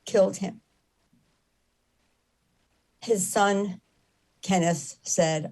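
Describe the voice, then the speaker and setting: Woman with a lowish voice, telling it earnest and fired up, says stuff over and over for weight. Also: measured pace, darkish tone, poor audio. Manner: impassioned, repeats phrases for emphasis. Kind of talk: earnest storytelling talk.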